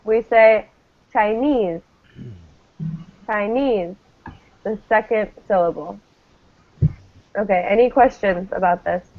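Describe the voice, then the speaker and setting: Slow, patient woman teacher on a tinny line. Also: mid-range voice. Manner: patient, models each word clearly. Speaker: English teacher. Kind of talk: classroom pronunciation drill. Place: classroom. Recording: tinny phone-like classroom recording.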